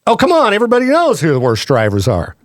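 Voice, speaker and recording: A chatty male radio host talks with a fairly high voice in a studio. The mic sound is bone-dry, with no room echo at all. He keeps a loose, quick, easygoing pace. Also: huge pitch swings. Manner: chatty, quick, laughs easily. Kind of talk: casual morning radio chat.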